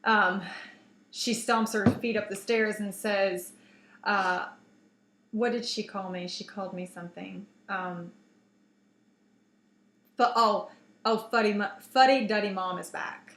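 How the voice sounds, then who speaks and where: A woman in her thirties telling a family story in casual chat, animated, with many fillers and restarts. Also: medium pitch, takes it slowly, pauses often. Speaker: co-host. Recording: echoey room.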